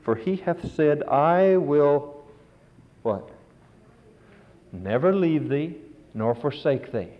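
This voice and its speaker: A man's voice: on the high side, lively intonation, takes it slowly, pauses often. A middle-aged man preaching a sermon, telling stories with earnest, rising emphasis. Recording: dull lo-fi recording.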